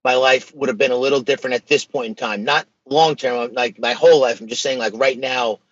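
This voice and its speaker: A man's voice: medium pitch, fairly even intonation, brisk, a bit bright, no echo, lo-fi sound. A man talking as a podcast guest, emphatic and casual, dropping slang. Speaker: podcast guest, social media page creator. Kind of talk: casual interview conversation.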